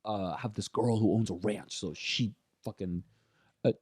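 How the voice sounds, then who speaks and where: A man in his thirties talking candidly as a podcast guest, animated and often laughing. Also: lowish voice, unhurried, breathy edge, no room sound, studio quality. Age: 30s. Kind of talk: casual conversation.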